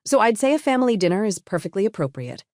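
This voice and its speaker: A woman voicing a composed young woman who calmly confronts a betrayal, her tone cool and pointed. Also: mid-range voice, quick pace, no room sound, clean studio sound, voice pushed up, lightly acted. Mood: cold. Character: calm, cutting young woman exposing a cheater.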